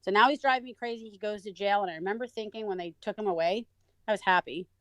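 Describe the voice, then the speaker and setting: Guest woman with a mid-range voice, animated storyteller, dry and close. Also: medium pitch, fast talker, no echo. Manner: animated, acts out quoted voices. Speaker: interview guest. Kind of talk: conversational storytelling.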